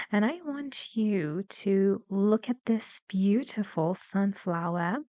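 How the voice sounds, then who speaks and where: A woman leads a lesson at a very slow, deliberate pace. She explains step by step and models example sentences patiently. Her voice sits at a middle pitch and is recorded dry and close. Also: darkish tone, no echo, lo-fi sound. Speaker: English teacher. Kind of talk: slow, careful lesson narration.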